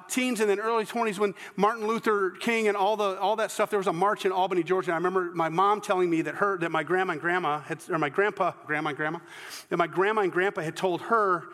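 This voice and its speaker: A man's voice: sits high, fairly even intonation, fast talker, fairly bright tone, big-room sound. A man with a Southern US accent preaching a sermon as pastor. He tells stories earnestly and often restarts his sentences. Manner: storytelling, earnest, with false starts.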